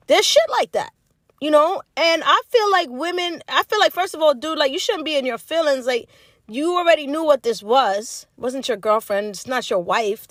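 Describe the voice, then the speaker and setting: Outspoken woman host, slightly high voice, blunt and profane, with sharp emphatic rises, recorded dry and close. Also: no room sound. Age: older. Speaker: podcast host. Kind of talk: casual solo podcast monologue.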